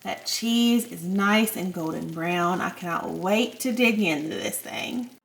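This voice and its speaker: A woman's voice: on the low side, unhurried, creaky, a bit bright, faint music behind. A woman with a Southern US accent, hosting a casual cooking tutorial from her home kitchen in a chatty, folksy way. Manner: chatty, folksy, addresses viewers as y'all. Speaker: home cook host.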